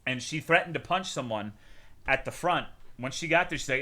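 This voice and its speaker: A male streamer chats casually with his viewers, swearing freely and breaking into sudden loud bursts as he tells a story. His voice is bright and forward, sitting at a middle pitch for a man. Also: brisk.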